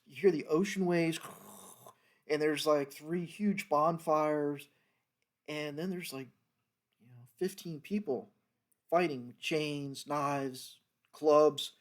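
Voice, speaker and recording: A man, a former federal agent, telling a story from his working days in a loose, rambling way, with many fillers and restarts. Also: a little high. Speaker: retired federal fisheries agent telling stories. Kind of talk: casual storytelling monologue.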